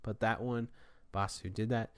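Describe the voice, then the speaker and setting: A man's voice: lowish voice, fairly even intonation, moderate pace, smooth, no echo. A man who runs a store department, telling a rambling, frustrated story to his viewers in a casual rant. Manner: frustrated, venting.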